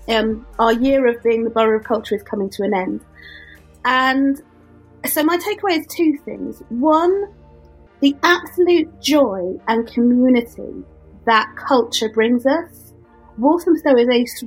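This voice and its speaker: A woman talks on a podcast panel in a slightly high voice with a husky edge. She laughs easily as she speaks. Light music sits faintly under her. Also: low-quality recording. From London. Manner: warm-hearted, laughs often. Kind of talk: casual panel chat.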